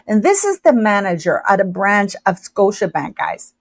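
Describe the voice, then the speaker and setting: A woman hosting a livestream, chatting casually and emphatically, speaking loudly on purpose. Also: medium pitch, very animated, moderate pace, vocal fry, no room sound. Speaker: livestream host. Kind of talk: casual live chat commentary.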